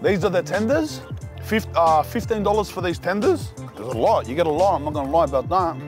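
A young man with an Australian accent hosting a casual food vlog outdoors, talking in excited slang to the viewer. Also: high voice, a little fast, over music. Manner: excited slangy banter, calls the viewer cuz and bro. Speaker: food vlogger host. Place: outdoors at street food trucks.

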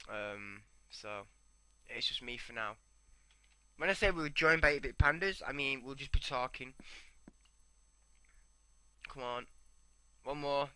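Bright-voiced man narrating gameplay. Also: mid-range voice, no echo. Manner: rambling, talks to himself while playing. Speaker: gameplay commentator. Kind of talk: casual gameplay commentary.

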